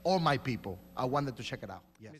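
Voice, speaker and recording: A man's voice: medium pitch, animated, quick pace. A man in his forties with a Puerto Rican Spanish accent, answering debate questions emphatically in loose, broken English. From New York. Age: 40s. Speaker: mayoral candidate. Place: large hall at a live debate. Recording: reverberant hall with faint hum.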